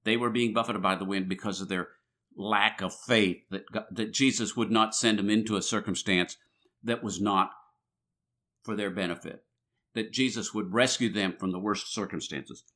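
Bright-voiced man preaching a sermon. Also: lowish voice, fairly even intonation, moderate pace. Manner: conversational preaching, reads scripture aloud, acts out voices; frequent restarts and filler words.

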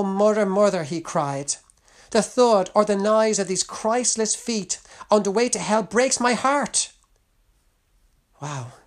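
A middle-aged Irish man preaching a sermon, impassioned, his voice climbing fervently when he presses a point. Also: fairly high pitch. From Ireland.

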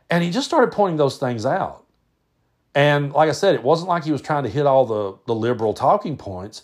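A man's voice: on the high side, expressive, a little fast. A middle-aged man with a Tennessee drawl tells a story from his own life on a podcast. He talks folksy and plain, circling back and restarting his sentences, and now and then he swears. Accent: Southern US, Tennessee. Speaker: podcast host. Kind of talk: personal storytelling monologue.

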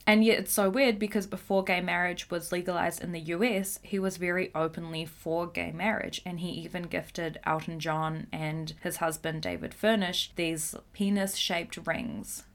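Woman, podcast host, chatty, giggly, slightly low voice. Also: moderate pace, few pauses. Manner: chatty, giggly, expressive asides. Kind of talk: casual chat.

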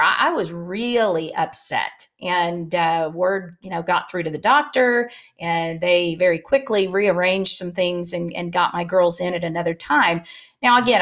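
A middle-aged woman talking casually and candidly to practice teams, giving advice and telling stories with plenty of filler words. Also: fairly low pitch.

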